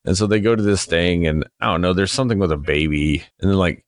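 Low-voiced man ranting sarcastically about a movie. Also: steady tone, fast, hardly any pauses, dry recording, studio quality. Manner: rambling, sarcastic, heavy swearing, mocking voices for the people he describes. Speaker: movie reviewer. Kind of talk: casual profane movie recap.

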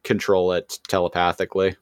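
A man co-hosting a podcast, chatting casually about a cartoon with relaxed asides and chuckles. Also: deep voice, brisk, clear, resonant tone, no room sound. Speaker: podcast co-host. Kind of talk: casual recap chat.

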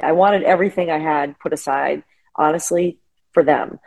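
A middle-aged woman speaks as an interview guest over a remote call, her voice low, gravelly and dark. She tells emotional family stories in an animated way, with many fillers and restarts. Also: moderate pace, poor audio. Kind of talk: personal storytelling in an interview. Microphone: remote call connection.

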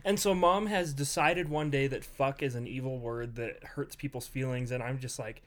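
A man's voice: mid-range voice, steady tone, normal speed. A man co-hosting a casual podcast from his family home, talking animatedly with crude jokes and frequent laughter. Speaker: podcast co-host. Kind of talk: casual chat.

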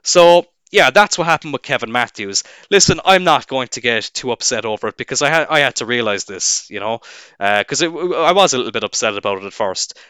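A man's voice: mid-range voice, expressive, a little fast, pushed and bright, clean tone, no room sound. Irish referee, young man, swearing and sarcastic, dry close recording. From Ireland. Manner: profane, sarcastic ranting. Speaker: wrestling referee. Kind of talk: casual rant to camera.

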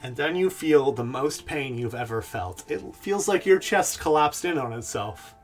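A man runs a tabletop game and narrates the scene at an easy pace, filling gaps with little pauses. His voice sits in a middle range, with faint music under it. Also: mid-range voice. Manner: relaxed, with many "uh" pauses. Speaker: game master.

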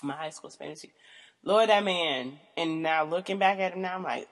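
A woman's voice: fairly low pitch, a little fast. A young woman vlogger reading out questions and answering them in a casual, blunt, profane way, often laughing.

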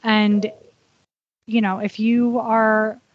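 A woman's voice: a little high, little pitch movement, drawn-out words, dry recording. A woman running-coach host talks in a bubbly way, laughing easily through the chat. Her voice sounds dry and close, on slightly dull audio. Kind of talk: casual interview chat.

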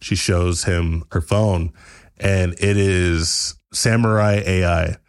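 A man hosting a podcast, improvising a comedy story with rambling asides and laughter, often jumping into high character voices. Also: steady tone, slow, smooth. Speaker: podcast host.

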